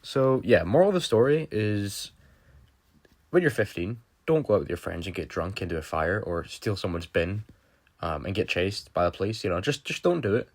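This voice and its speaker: A young man from Britain tells a personal story straight to camera in a loose, rambling way. He peppers his talk with fillers and swearing. His voice sits on the low side. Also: expressive, moderate pace. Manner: rambling, heavy swearing, lots of "like". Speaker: vlogger. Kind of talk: casual storytelling.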